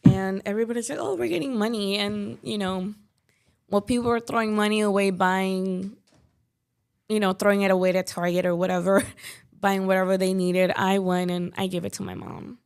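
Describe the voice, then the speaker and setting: A young woman from Chicago talks as a podcast guest, her voice set in a mid range with a steady run of vocal fry. She keeps it loose and conversational, filling her talk with "like" and "you know". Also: mid-range voice, normal speed. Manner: talkative, leans heavily on "like" and "you know". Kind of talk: casual interview chat.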